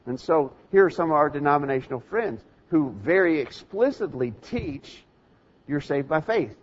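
Male preacher, earnest and plain-spoken, somewhat high voice, dull lo-fi recording. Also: lively intonation, moderate pace, breathy edge. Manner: earnest, plain-spoken, with frequent ums and repeated words. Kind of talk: sermon. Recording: dull lo-fi sound.

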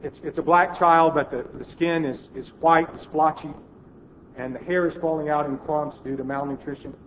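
A man preaching a sermon in an auditorium, telling a story and dropping to a hush at its emotional moments. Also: a little high, steady tone, normal speed, muffled recording, a little hiss or hum.

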